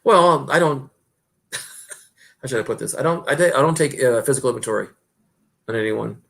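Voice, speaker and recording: A man's voice: medium pitch, normal speed, gravelly, a bit bright. A middle-aged man hosting a stream, chatting casually and rambling with lots of fillers and restarts. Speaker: stream host. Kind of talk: casual chat.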